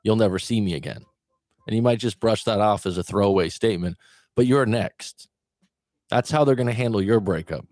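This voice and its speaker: Low-voiced man giving breakup advice. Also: brisk, darkish tone, no room sound. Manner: conversational, asks the listener questions. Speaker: breakup coach. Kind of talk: direct-to-camera advice talk.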